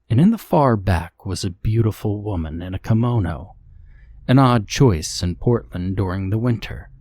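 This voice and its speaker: A man narrating a scary story in a measured, matter-of-fact way, in scripted horror narration. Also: on the low side, darkish tone, slight background noise.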